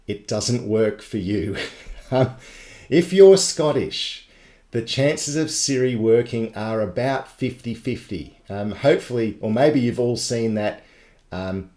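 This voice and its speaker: A man's voice: on the low side, darkish tone. A man running a live tech tutorial webinar, explaining things step by step in a chatty way. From Australia. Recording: echoey live broadcast.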